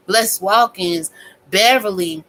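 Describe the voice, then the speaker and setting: A woman's voice: mid-range voice, takes it slowly, a little hiss or hum, poor audio. Blunt, profane woman ranting on a stream. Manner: blunt, profane, animated and emphatic. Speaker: online commentary host. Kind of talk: casual live-stream rant.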